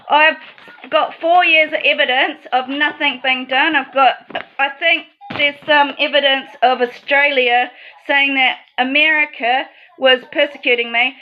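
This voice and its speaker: A woman's voice: sits high, muffled recording. A woman delivering an aggrieved, accusatory monologue straight to the viewer. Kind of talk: emotional monologue to camera.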